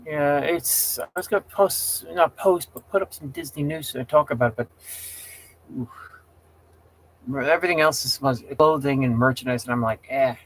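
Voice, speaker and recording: A man's voice: a little high, moderate pace, a little hiss or hum. A man hosting a casual livestream, rambling, getting heated and exasperated as he talks. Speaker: livestream host.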